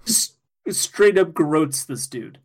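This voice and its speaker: A man co-hosting a casual podcast, recapping an anime episode in an excitable way, swearing and laughing as he goes. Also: fairly high pitch, takes it slowly.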